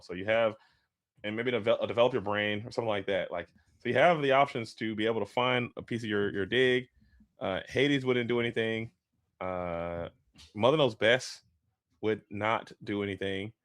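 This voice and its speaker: A man's voice: fairly low pitch, moderate pace, fairly bright tone, dry recording. A man casting a live card game match, talking through the plays at length, tired from a long day of travel. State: travel-fatigued. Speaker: esports caster.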